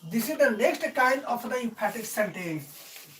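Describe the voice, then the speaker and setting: A man teaching a live-streamed grammar lesson, lecturing earnestly and deliberately, drawing out key words between long pauses. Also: extremely high pitch, animated, fairly bright tone, slight background noise, rough recording. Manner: earnest, motivational.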